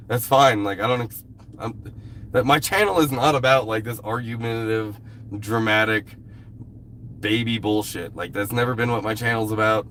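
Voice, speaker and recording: On a casual live stream outdoors at a rural camp, a man with a cold swears heavily and speaks bluntly, irritated with a commenter. His voice is mid-range and a bit bright, with slight background noise.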